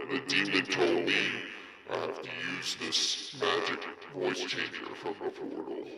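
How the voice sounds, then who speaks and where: A man talking through a low voice changer, slow and broken like a caveman. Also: vocal fry, reverberant, far from the mic, exaggerated voice. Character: deep, gravelly voice-changed man apologizing.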